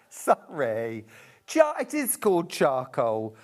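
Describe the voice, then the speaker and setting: A woman's voice: low voice, huge pitch swings, takes it slowly, a little mellow. Gushing British woman selling fabric live. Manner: chatty and gushing, talking to viewers. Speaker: shopping channel presenter. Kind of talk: live sales demonstration.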